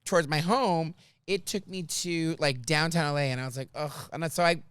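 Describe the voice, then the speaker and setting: A man's voice: fairly high pitch, normal speed, smooth, no room sound. A man hosting a comedy podcast who tells driving stories and acts out the people in them. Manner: animated, acts out quotes in voices. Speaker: podcast host and rideshare driver. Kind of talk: comedic storytelling chat.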